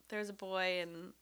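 A woman's voice: on the low side, pushed and bright. A young woman from the Seattle area, co-hosting a casual chat, teasing her friend with prompting questions.

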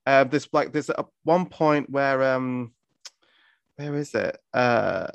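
A man's voice: mid-range voice, slow pace, creaky, clear, resonant tone, no echo, lo-fi sound. A man in casual conversation, animatedly mocking a film's characters with profane jokes. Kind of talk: casual film review chat.

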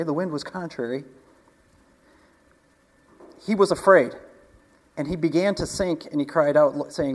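A man's voice: on the high side, normal speed, long pauses. A man preaching a casual sermon, talking conversationally, asking the congregation questions and chuckling often. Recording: long hall reverb.

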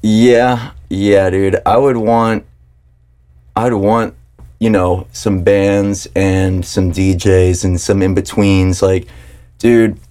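Young male podcast host, low mellow voice, loose and rambling. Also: steady tone, slow pace, smooth. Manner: laid-back, rambling, heavy on "dude" and "like". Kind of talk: casual chat.

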